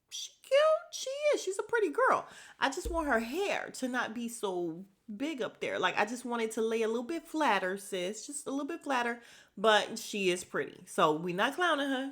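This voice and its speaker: A woman's voice: mid-range voice, a bit bright. Blunt, chatty woman podcast host. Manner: blunt, opinionated, chatty, talks straight to listeners. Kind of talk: casual reality-show recap.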